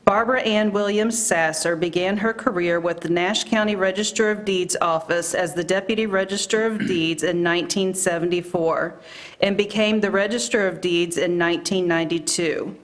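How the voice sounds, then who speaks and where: Low-voiced woman reading a formal tribute. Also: steady tone, normal speed. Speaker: county staff presenter. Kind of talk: formal presentation at a public meeting.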